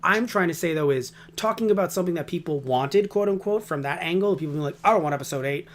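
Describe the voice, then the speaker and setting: A man's voice: high voice, quick pace. A man co-hosting a casual podcast, rambling and ranting with heavy swearing. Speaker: podcast co-host.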